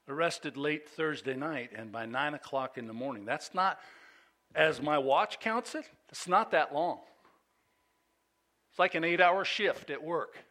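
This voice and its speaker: Animated, high-voiced male preacher. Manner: reads scripture with rising intensity, conversational asides to congregation. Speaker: pastor. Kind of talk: sermon.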